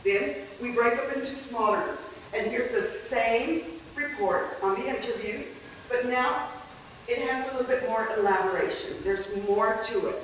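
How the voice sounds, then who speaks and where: A woman's voice: on the high side, moderate pace, slight background noise. A woman teacher giving a conversational workshop talk on classroom activities, often checking in with the audience. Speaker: language teacher presenting a workshop. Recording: echoey room, voice from a distance.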